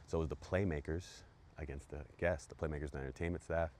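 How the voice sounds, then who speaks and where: A man's voice: a bass voice, steady tone, fast, a little mellow, a little hiss or hum. A man hosting a podcast, telling a profane, hyped story full of repetitions. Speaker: podcast host. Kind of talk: storytelling monologue.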